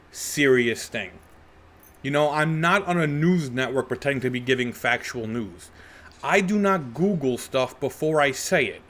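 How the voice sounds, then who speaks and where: Animated Brooklyn-raised man. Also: medium pitch. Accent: New York. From Brooklyn, New York. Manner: animated, conversational, rhetorical. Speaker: podcast host and comedian. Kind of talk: unscripted solo podcast monologue.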